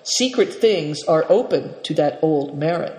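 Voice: mid-range voice, lively intonation, measured pace, darkish tone, lightly acted. A dry, skeptical young boy from a storybook, talking matter-of-factly, as the reader puts him on. The voice rings in a roomy space with a long tail. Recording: echoey room with long reverb.

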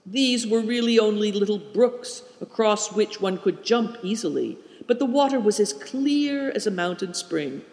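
A man narrates a storybook in a measured, storytelling manner, his voice fairly high and full of movement. The recording is roomy, with a long, ringing reverb. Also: animated, a little mellow. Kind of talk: audiobook narration.

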